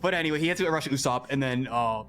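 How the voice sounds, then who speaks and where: A young man, a podcast guest, telling a story in casual chat, animated and exasperated, often repeating himself. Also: medium pitch, racing, soft background music.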